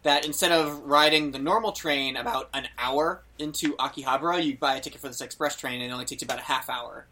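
A man's voice: mid-range voice, fast, hardly any pauses. A young man chatting casually on a podcast, telling a travel story with lots of fillers and acted-out quotes. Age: young adult. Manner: animated, acts out quotes, many fillers. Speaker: podcast host.

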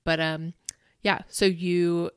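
A woman co-hosting a podcast, chatting quickly and gossiping with questions for her co-host. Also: fairly low pitch, flat delivery, clear, resonant tone. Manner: quick gossipy chat, asks follow-up questions. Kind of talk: casual chat.

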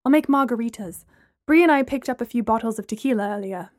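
A woman reading a story voices a sensible young man who speaks briskly and firmly. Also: a little high, expressive, dry recording, clean studio sound, lightly acted.

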